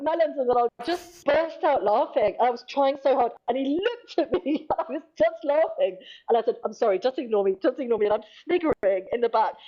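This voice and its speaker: Higher-voiced woman, dull recording. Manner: self-mocking storyteller. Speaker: podcast co-host. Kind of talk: casual podcast chat.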